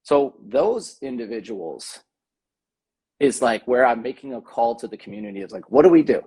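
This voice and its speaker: A husky man talks through his ideas in an earnest, thoughtful way. He speaks as a podcast guest in casual conversation, stopping often for an um or a restart. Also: medium pitch, animated, normal speed, mellow. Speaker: podcast guest, tantra coach.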